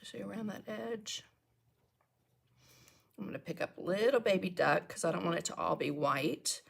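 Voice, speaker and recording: A woman's voice: on the low side, expressive, normal speed, vocal fry. A chatty middle-aged woman teaching a live painting lesson, talking viewers through each brush step. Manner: chatty, greets viewers and coughs and laughs between steps.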